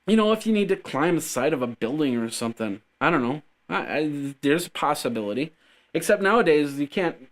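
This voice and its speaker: Rambling, jokey male podcast host. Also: on the high side. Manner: rambling, jokey, trips over words. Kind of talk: casual tech news chat.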